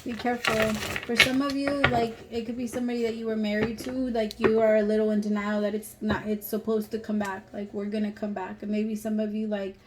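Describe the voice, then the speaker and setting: A woman's voice: mid-range voice, level tone, brisk, few pauses, background noise. A woman giving a casual tarot reading to camera, talking bluntly and emphatically and swearing freely. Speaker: tarot reader.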